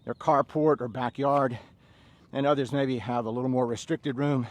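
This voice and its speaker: A man's voice: medium pitch, fairly even intonation, moderate pace. A middle-aged Southern American man leading a workout class, calling out drill-style commands between laid-back stories. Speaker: fitness instructor.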